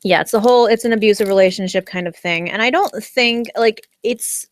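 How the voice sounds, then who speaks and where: A US woman with a fairly high voice chats quickly on a livestream, recapping a TV episode with no room sound. She rambles with many fillers and restarts, has giggly bursts of enthusiasm, and talks around a candy in her mouth.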